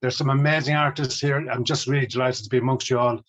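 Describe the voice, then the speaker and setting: A man's voice: medium pitch, fairly even intonation, fast, a bit bright. Irish guy, middle-aged musician, chatty and upbeat, kinda muffled lo-fi audio. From Ireland. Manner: enthusiastic, storytelling. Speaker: musician guest. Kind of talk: casual interview chat. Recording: dull lo-fi audio.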